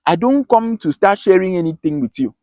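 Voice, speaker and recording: His high voice has lively intonation and a slightly mellow tone, moving a little fast with no echo. A self-styled teacher with a Nigerian Akwa Ibom accent, he gives a passionate, emphatic lesson marked by repeated and restarted phrases.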